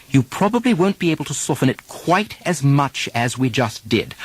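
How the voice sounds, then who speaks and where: A man teaching an accent lesson, carefully demonstrating vowels and stresses and asking listeners to repeat after him. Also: medium pitch. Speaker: dialect coach.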